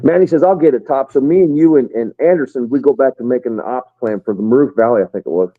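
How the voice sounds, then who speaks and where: A man's voice: medium pitch, fast. American man telling stories over a tinny line. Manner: rambling storyteller, acts out quoted soldiers. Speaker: retired first sergeant guest. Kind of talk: casual war stories.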